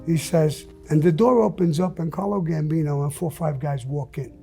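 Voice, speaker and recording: A man being interviewed, telling a story bluntly and profanely in a casual, animated way. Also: a little high, normal speed, vocal fry, slightly rough, faint music behind. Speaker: interview guest.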